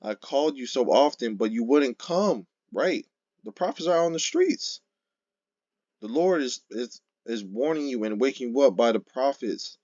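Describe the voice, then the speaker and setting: A man giving an informal sermon, reading scripture verses slowly and then driving points home emphatically with frequent "okay?" and "right?". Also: medium pitch, expressive, darkish tone, dry recording, highs cut off. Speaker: street-style scripture teacher.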